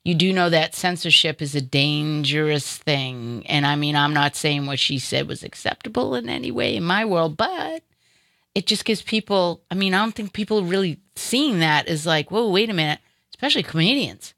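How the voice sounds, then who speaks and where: A woman hosting a casual chat, telling animated stories and acting out the people she quotes. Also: fairly low pitch, moderate pace, creaky. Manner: animated storyteller, acts out quotes.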